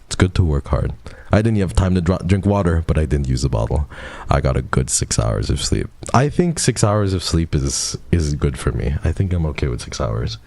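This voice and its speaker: A young man in his twenties chats casually with his stream audience. His voice sits very low, and the recording is dry with no room sound. He teases his viewers in playful mock outrage. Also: very animated, normal speed, creaky, a little mellow, no echo. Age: 20s.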